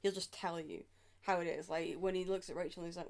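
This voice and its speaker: A woman co-hosting a podcast, chatting in an easygoing way, laughing often and trailing off softly. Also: fairly low pitch, fairly even intonation, brisk, gravelly. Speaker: podcast co-host. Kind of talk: casual chat about a TV show.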